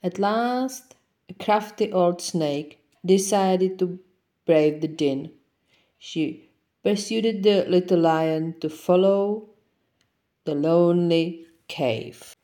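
A woman reading a children's picture book aloud in an expressive, gentle read-aloud manner. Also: fairly low pitch, slow. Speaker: storyteller.

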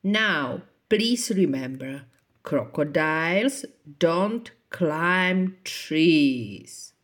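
A woman's voice: medium pitch, big pitch swings, slow, voice pushed up. A woman reading a storybook aloud, voicing a young boy crocodile who frets and gets embarrassed, in a whiny, fussing way. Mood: anxious.

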